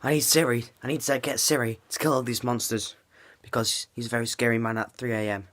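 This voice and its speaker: A man's voice: mid-range voice, fairly even intonation, brisk, fairly bright tone. A man hosting a casual vlog, rambling through predictions with restarts and putting on mock fright. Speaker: host. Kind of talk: casual vlog commentary and spoof skit.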